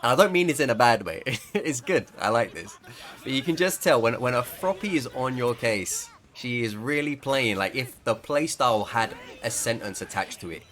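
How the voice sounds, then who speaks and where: A man's voice: mid-range voice, expressive, moderate pace, fairly bright tone. A man casually commenting on his own gameplay, joking, swearing and laughing, acting out other players' lines. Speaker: gaming streamer.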